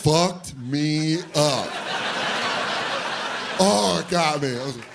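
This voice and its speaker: A man's voice: fairly high pitch, normal speed. A man doing stand-up comedy, telling a story and acting out the people in it. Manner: animated, acts out voices of people in his stories. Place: comedy club stage with audience laughter. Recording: live club recording with audience noise.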